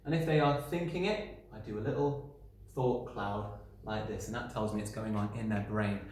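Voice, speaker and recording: A man's voice: fairly low pitch, moderate pace, a little mellow, slight background noise. A man teaching young children in a recorded lesson. He talks in a friendly, encouraging way, explains step by step as he draws and often checks in with "okay?". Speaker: primary school teacher. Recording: very echoey room.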